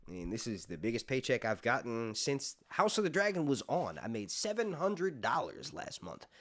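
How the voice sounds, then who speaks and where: Animated, rambling male live streamer. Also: on the low side. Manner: rambling, laughs often, swears freely. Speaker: YouTube host. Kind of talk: casual live stream chat.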